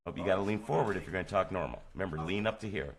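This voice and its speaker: A man's voice: sits low, racing. A man hosting a live radio show from a small studio, bossily coaching his co-host with mounting exasperation. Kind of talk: live talk radio banter.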